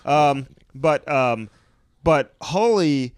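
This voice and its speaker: A man's voice: fairly high pitch, animated, extremely slow, smooth, no room sound. A man co-hosting a podcast, asking friendly questions full of fillers in a casual interview chat. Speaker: podcast co-host.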